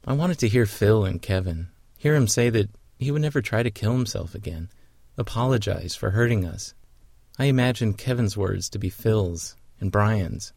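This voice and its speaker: Man, low voice, somber reflective documentary narrator. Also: normal speed, gravelly, darkish tone, no room sound.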